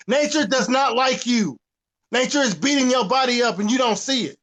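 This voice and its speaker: In a casual podcast rant, a male host speaks at a normal pace in a very high voice. He is animated and preachy, with plenty of profanity.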